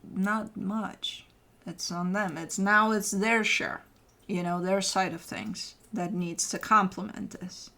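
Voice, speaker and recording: A woman's voice: mid-range voice, steady tone, slow pace, creaky, pushed and bright. A woman giving a casual tarot reading, talking straight to the listener with loose, sometimes cursing language. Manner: casual, swearing, addresses the listener directly. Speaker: tarot reader.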